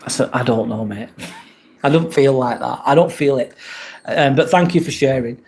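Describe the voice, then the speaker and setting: A man's voice: mid-range voice, normal speed. A British man hosting a casual live stream, chatting loosely and thanking viewers as he reads their comments. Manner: relaxed, rambling, thanks viewers often.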